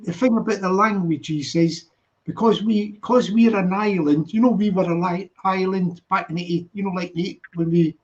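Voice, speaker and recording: A British man hosting a casual chat, agreeable and halting, restarting his sentences often. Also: sits high, steady tone, a little mellow. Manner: agreeable, backchannels "yeah" a lot, halting. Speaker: host of a live stream. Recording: dull lo-fi sound.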